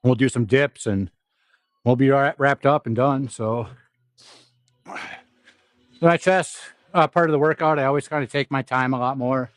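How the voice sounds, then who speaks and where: A man's voice: medium pitch, fairly even intonation, moderate pace, pauses often, dry recording, clean studio sound. A young man with a nasal, stuffy voice chatting casually and profanely while livestreaming from an indoor gym. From South Dakota. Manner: profane, rambling, laughs often. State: stuffy nose. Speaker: fitness vlogger.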